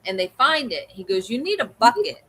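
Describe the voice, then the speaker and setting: Animated woman telling a story, bright voice. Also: a little high, a little fast, husky, rough recording. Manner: animated storyteller, acts out quoted people. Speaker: co-host of a livestream hangout. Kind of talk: casual storytelling chat.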